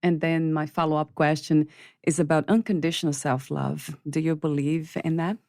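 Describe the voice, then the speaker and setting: A woman's voice: low voice, little pitch movement, normal speed, darkish tone, no room sound, clean studio sound. A woman hosting an interview, friendly, asking questions and laughing easily. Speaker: podcast host.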